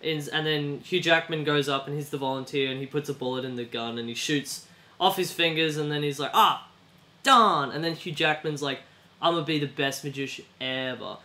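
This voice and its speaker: Young man, slightly high and bright voice, rambles through a movie plot with goofy character voices. Casual friends' chat. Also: steady tone, a little fast. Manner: rambling, acts out characters in silly put-on voices. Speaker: podcast co-host.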